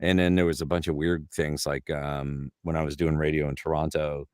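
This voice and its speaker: A middle-aged voice actor in a casual interview, rambling through stories and laughing often, heard over a video call. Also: male voice, rumbling low, level tone, normal speed, smooth, no room sound, clean studio sound. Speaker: voice actor guest.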